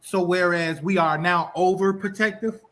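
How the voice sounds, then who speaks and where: A man with a notably high voice asks the panel questions in a hesitant way. He restarts and searches for words as he goes. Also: moderate pace, a bit bright. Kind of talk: casual discussion.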